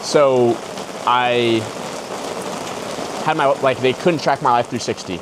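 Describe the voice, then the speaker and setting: A man's voice: mid-range voice, takes it slowly. A young man telling a personal story in a slangy, rambling way, full of "like" and "bro". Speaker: podcast host. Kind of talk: casual storytelling. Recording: loud rain noise behind the voice. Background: heavy rain.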